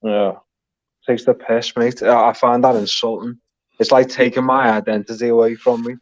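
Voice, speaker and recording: A man's voice: medium pitch, level tone, normal speed. Man, Scouse accent, blunt, swears a lot, emphatic, muffled lo-fi stream audio. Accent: Liverpool Scouse. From Liverpool, England. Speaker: guest on a live stream. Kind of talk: casual heated chat.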